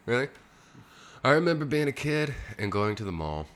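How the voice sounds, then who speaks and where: A man's voice: mid-range voice, big pitch swings, normal speed, fairly bright tone. A young adult man co-hosting a podcast, chatting casually in a loose, jokey way and swearing freely. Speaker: podcast co-host. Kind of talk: casual chat.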